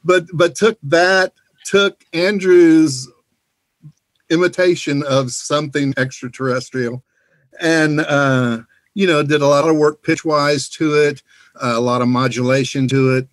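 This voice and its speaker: A man's voice: a little high, steady tone, measured pace, dry recording. Rambling man, dry close sound. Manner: rambling, full of "you know" fillers. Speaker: sound designer. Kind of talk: casual panel Q&A over a video call. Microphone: video call.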